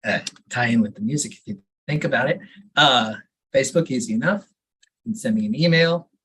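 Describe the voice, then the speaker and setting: A performer at an online open mic reads a serialized story and then chats casually. The voice is husky and the delivery dry and wry. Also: medium pitch, fairly quick, a bit bright, poor audio. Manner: laid-back, wry.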